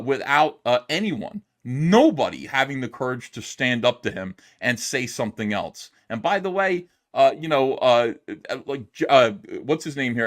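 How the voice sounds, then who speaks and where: A middle-aged man holds forth on a casual livestream. He rants and swears freely, peppering his talk with fillers. His voice sits at a middling pitch for a man. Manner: animated, profane ranting with frequent fillers. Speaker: streamer reacting to a video.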